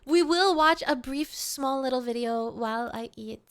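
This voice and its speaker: A woman's voice: sits high, moderate pace. A woman streamer chatting casually with her viewers at home, playful, giggly and rambling. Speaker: VTuber streamer. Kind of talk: casual livestream chat.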